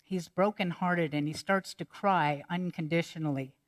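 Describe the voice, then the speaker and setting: A woman pastor giving a sermon, measured and reflective, turning playful when she tells jokes. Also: on the low side.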